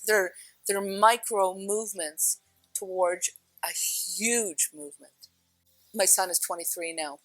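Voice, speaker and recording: A middle-aged woman spiritual teacher telling stories in a casual, animated way, laughing often and shifting her pace. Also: mid-range voice, no echo, faint music behind. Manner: animated storyteller, laughs often, speeds up and slows down.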